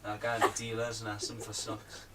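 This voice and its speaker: Bright-voiced man joking around. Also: on the low side, brisk, roomy sound. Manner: jokey, deadpan boasting. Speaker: guest. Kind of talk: casual podcast banter. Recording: distant mic, faint background noise.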